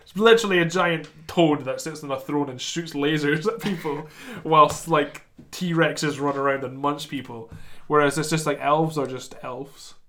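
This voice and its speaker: A man's voice: on the high side, measured pace, a bit bright, a little hiss or hum. A man co-hosting a podcast, talking enthusiastically about fantasy games and laughing often. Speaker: podcast co-host. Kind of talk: casual chat.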